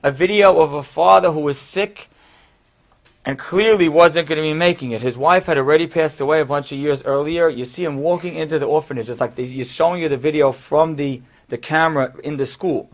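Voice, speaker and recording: Male rabbi, storytelling, chatty asides, slightly high voice. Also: fairly quick. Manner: conversational, with fillers and asides. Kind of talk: storytelling class talk.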